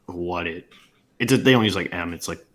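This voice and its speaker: A man joining a casual game podcast who speaks haltingly, stops and restarts, and often trails off. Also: deep voice, fairly bright tone. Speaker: podcast panelist. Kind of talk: casual chat.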